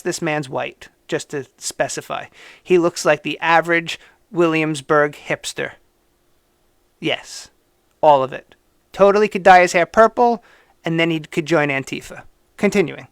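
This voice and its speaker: A man's voice: fairly high pitch, measured pace, pauses often, fairly bright tone, clean tone. A man hosting a live-streamed news commentary show, ranting with sarcastic and preachy asides.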